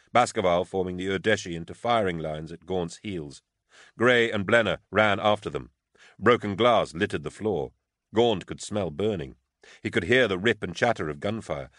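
Low-voiced man narrating an audiobook. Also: normal speed, fairly bright tone, no echo, clean studio sound.

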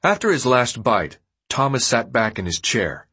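A male audiobook narrator with a husky, slightly breathy voice. He reads in an expressive storytelling manner, and his pitch rises and falls a great deal. His voice sits at a middle pitch for a man. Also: moderate pace. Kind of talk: scripted narration.

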